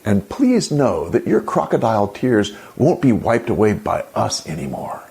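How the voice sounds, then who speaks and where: Male commentary host, gravelly and sarcastic, with a lively, animated delivery. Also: fairly low pitch, normal speed. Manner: indignant, exclaiming, sarcastic. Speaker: channel host. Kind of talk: opinion commentary.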